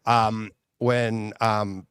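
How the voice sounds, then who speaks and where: A man co-hosting a podcast chats casually and tells stories, laughing a lot and animated throughout. His voice is fairly low and very slow, with a clean, dry studio-quality sound.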